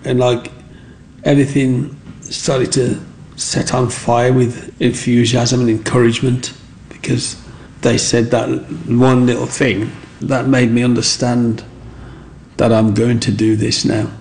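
A man's voice: medium pitch, flat delivery, a little slow, a little mellow, slight background noise, rough recording. A man, earnestly recalling his childhood in a rambling, heartfelt way. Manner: rambling, earnest, with frequent asides. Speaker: interviewee. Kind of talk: reflective storytelling.

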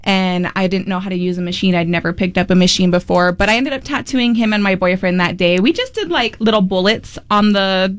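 A woman's voice: medium pitch, brisk, few pauses, clean tone, dry recording. A woman tattoo artist chatting casually in a group, rambling with fillers and laughing often.

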